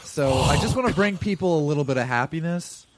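A man on a comedy podcast, earnest and deadpan as he defends a running gag in a soft voice. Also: on the high side, a little fast, slight background noise. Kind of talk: improvised comedy banter.

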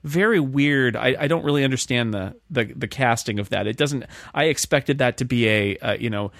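Male co-host, mid pitch, rambling casual film talk, dry booth sound. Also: moderate pace, vocal fry, no room sound. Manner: rambling, restarts, animated asides. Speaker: podcast co-host. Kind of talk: casual chat about a film.

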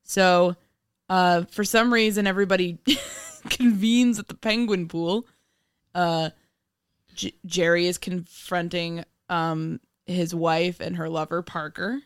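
A woman's voice: on the low side, steady tone, slow, smooth, no room sound, clean studio sound. A young woman co-hosting a casual chat show, joking playfully and giggling often. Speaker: podcast co-host.

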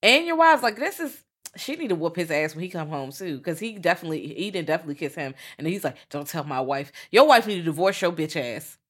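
Loud, profane woman podcast co-host. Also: fairly low pitch, fast, few pauses. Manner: profane, animated, acts out scenes in voices. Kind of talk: casual movie review chat.

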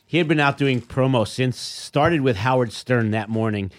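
A man's voice: mid-range voice, moderate pace. A middle-aged man, a podcast guest, telling a story in casual chat and acting out the voices of the people in it. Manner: animated storyteller, acts out quoted voices.

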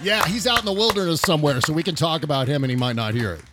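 A man's voice: on the high side, racing, heavy background noise. Wry man co-hosting political talk. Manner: wry, loose and conversational. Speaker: podcast co-host. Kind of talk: casual political chat.

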